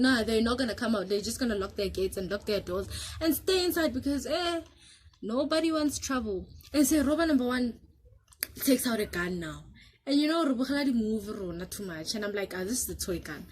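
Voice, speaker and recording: Animated South African woman telling a story. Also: a little high, a little fast, slight background noise. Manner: animated, switches between English and local languages. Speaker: vlogger. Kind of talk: casual storytelling to camera.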